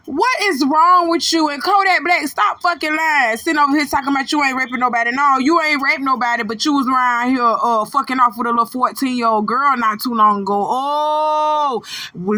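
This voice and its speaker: A woman's voice: fairly high pitch, sharp tone, no echo. A middle-aged woman from Florida with a North Florida Southern accent, giving blunt, profane commentary. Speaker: commentary host. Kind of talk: casual commentary.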